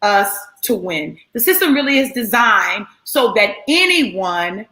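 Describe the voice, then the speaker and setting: A woman talking excitedly as a guest on a live stream, emphatic and repeating herself for effect. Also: medium pitch, measured pace, roomy sound. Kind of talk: excited casual chat.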